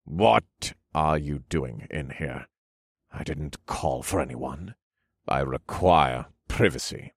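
A man's voice: extremely low pitch, moderate pace, no room sound, studio quality, pitched below the performer's own voice. A man doing a haughty, irritable duke. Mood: suspicious. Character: haughty male duke, curt, secretive and irritable. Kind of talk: audiobook character voice.

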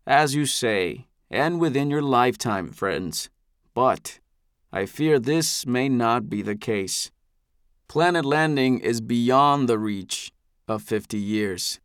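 A man voicing an older male ship leader in an audiobook, speaking in a grandfatherly, theatrical, deliberate way. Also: medium pitch, lively intonation, fairly bright tone, clear, resonant tone, no echo, clean studio sound. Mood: grave. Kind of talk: audiobook character voice.

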